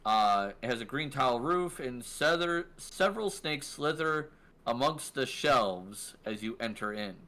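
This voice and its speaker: A man narrating as game master of a tabletop game, relaxed with many fillers. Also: mid-range voice, unhurried.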